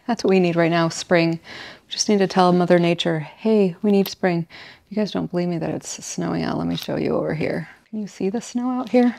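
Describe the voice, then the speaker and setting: A woman's voice: medium pitch, creaky, darkish tone. A middle-aged woman chatting casually at home while she decorates, laughing often and telling little stories. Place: home, indoors.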